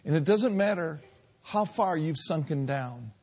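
Husky emphatic preacher man. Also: expressive. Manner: emphatic, swinging between loud drawn-out peaks and quiet low lines. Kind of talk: sermon.

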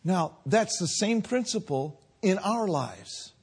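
A man preaching a sermon, swinging between loud drawn-out peaks and quiet low lines. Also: expressive, breathy edge.

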